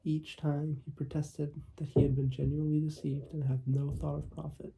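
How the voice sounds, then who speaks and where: A man's voice: on the high side, flat delivery, moderate pace, gravelly, warm tone, slight background noise, poor audio. A man reading as a grave, grieving father. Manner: grave, formal pleading.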